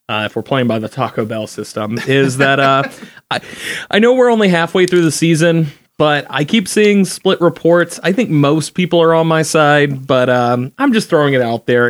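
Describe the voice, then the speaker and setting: A man's voice: on the high side, no room sound, clean studio sound. A man on a casual podcast panel, chatting in a rambling way with fillers and frequent chuckles.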